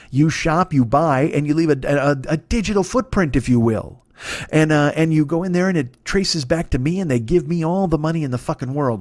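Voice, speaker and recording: A man's voice: fairly high pitch, a little mellow, no echo, studio quality. A man hosting a comedy podcast, rambling and profane through a casual ad read.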